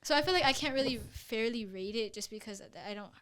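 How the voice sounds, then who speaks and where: A woman's voice: a little high, fast, fairly bright tone, clear, resonant tone. A teenage girl hosting a student movie podcast, rambling casually with lots of fillers. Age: teens. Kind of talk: casual chat.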